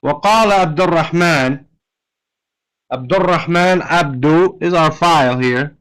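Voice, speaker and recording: A man's voice: on the high side, a little fast, a bit bright, clear, resonant tone, poor audio. A man teaching an online language class, explaining a reading text word by word in a patient way and often checking with "right?". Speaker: Arabic teacher. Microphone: computer mic on an online class.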